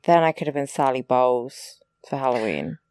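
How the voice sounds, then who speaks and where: A woman's voice: extremely low pitch, animated, moderate pace, darkish tone, clear, resonant tone, dry recording, clean studio sound. A young woman, a student, co-hosting a podcast in casual chat, chatty and wry with some swearing. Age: young adult. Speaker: podcast co-host.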